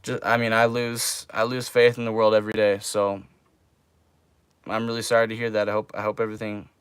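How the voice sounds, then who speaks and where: A man's voice: on the low side, completely flat delivery, brisk, smooth, no echo. A young man chatting casually on a livestream, laid-back and drawling, calling people man and bro.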